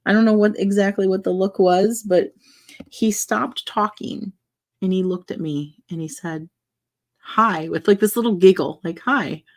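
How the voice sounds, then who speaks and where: A young woman chatting casually while building a wooden puzzle, rambling and soft-spoken with many fillers and restarts. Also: medium pitch, fairly even intonation, moderate pace. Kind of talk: casual chat while crafting.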